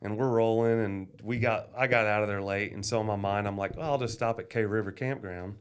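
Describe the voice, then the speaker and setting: A man, a parts dealer telling profane, lively stories as a guest on a casual podcast. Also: lowish voice, fairly quick, smooth. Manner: profane, lively anecdote-telling, acting out quoted voices.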